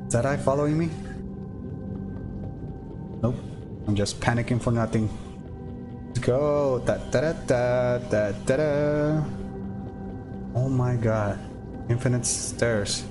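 A man's voice: mid-range voice, slow pace, long pauses, music in the background. A man playing a horror game on stream, talking to himself and the game creatures in jumpy, nervous commentary. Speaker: gameplay streamer. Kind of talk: let's play commentary.

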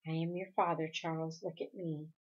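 A woman reading aloud lowers and quiets her voice to play a tired, stern father. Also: takes it slowly. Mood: weary. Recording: dull lo-fi recording.

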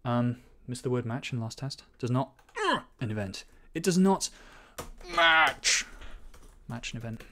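A man's voice: mid-range voice, fairly even intonation. Man muttering code aloud while programming. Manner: quick self-corrections and asides. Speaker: programming teacher. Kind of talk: live-coding commentary.

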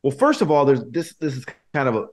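Podcast co-host, man, medium pitch, teasing profane banter. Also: big pitch swings, fast. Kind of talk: casual chat.

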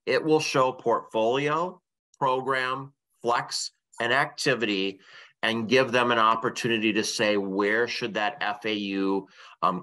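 A man's voice: mid-range voice, pushed and bright, rough recording. A man co-hosting a finance briefing, asking questions and recapping next steps in an organized way. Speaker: co-host and interviewer. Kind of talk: scripted informational briefing.

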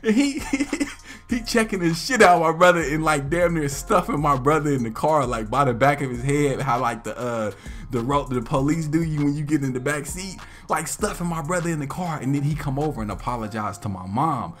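A young man casually telling a funny story to his viewers, slangy and animated, acting out relatives in loud, high voices. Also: fairly quick, faint music behind. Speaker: vlog host telling a story.

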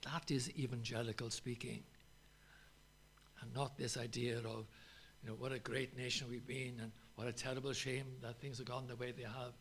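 A man preaching an earnest, emphatic sermon in a church, pausing often and stressing his points. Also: mid-range voice, level tone, a bit bright, a little hiss or hum.

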